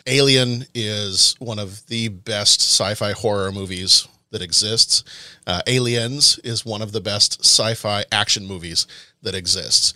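A man's voice: on the low side, sharp tone, no echo. A man on a movie podcast, giving his pick in a casual, enthusiastic way with frequent restarts. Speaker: podcast co-host. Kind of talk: casual recorded opinion segment.

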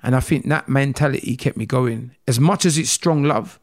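A man's voice: medium pitch, moderate pace, gravelly. A man in his thirties from England, telling his story candidly as an interview guest in a rambling, emotional way that repeats phrases. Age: 30s.

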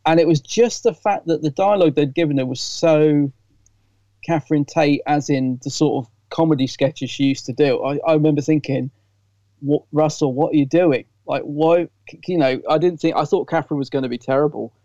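A man's voice: fairly high pitch, fairly quick, dark tone, no room sound, lo-fi sound. A man co-hosting a casual podcast chat, sharing candid, enthusiastic fan opinions. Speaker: podcast co-host.

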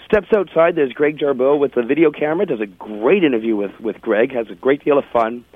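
A man's voice: mid-range voice, fairly quick, slight background noise. A man hosting a casual radio talk show, telling a funny story with plenty of laughs and restarts. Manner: chatty, laughing, self-interrupting. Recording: tinny phone-like radio audio.

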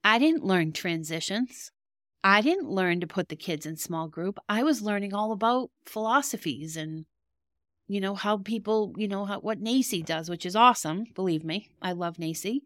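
A woman's voice: mid-range voice, lively intonation, normal speed, a bit bright, dry recording, clean studio sound. A middle-aged woman hosting a podcast, telling a personal story in a candid, emotional, rambling way. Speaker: podcast host.

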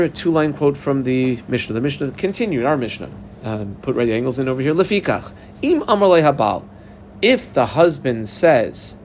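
A man's voice: mid-range voice, slight background noise. A man leads a Talmud study session in an orderly, step-by-step way. He reads short Aramaic phrases, translates them and tells learners exactly how to mark the text. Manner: methodical, guides text markings step by step. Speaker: Talmud teacher.

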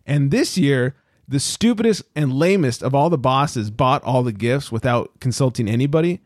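A man's voice: mid-range voice, moderate pace, no room sound, studio quality. A man co-hosting a casual podcast, telling stories with lots of swearing and acting out other people's lines. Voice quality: swears freely, animated storytelling. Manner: acts out quotes in raised voices. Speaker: podcast co-host. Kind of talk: casual chat.

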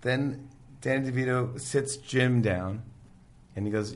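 A middle-aged man in casual chat, animatedly retelling sitcom scenes and acting out the characters' lines in quick impressions. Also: medium pitch. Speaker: podcast guest, talk show host.

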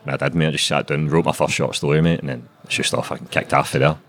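A man's voice: extremely low pitch, fairly even intonation, fast. A young man in his twenties with a Glaswegian Scottish accent, a guest author chatting casually and swearing freely. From Glasgow, Scotland. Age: 20s. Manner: swears often, laid-back and chatty. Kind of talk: casual interview chat.

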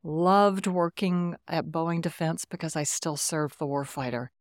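Woman, 60s, from Texas, low voice, dry close sound, storytelling guest. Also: unhurried, no echo. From Texas, USA. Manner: warm, animated anecdotes with quoted dialogue. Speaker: guest, retired Air Force officer. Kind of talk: conversational storytelling.

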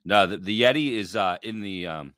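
A man's voice: on the low side, normal speed, fairly bright tone, dry recording, studio quality. A man co-hosting a casual sports podcast, blunt and jokey, swearing casually. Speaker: podcast co-host. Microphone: podcast microphone with headphones.

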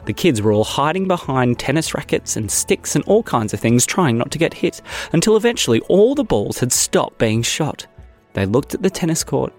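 A man's voice: medium pitch, very animated, moderate pace. Playful man reading a kids' story over music. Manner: playful, bouncy, does many kids' voices. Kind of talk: reading a silly children's story aloud.

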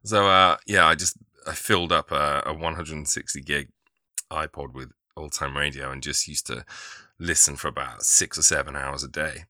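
A man's voice: extremely low pitch, fairly even intonation, moderate pace, sharp tone, no room sound, clean studio sound. A man hosting a podcast, chatting casually and enthusiastically, laughing often. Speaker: podcast host. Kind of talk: casual conversation.

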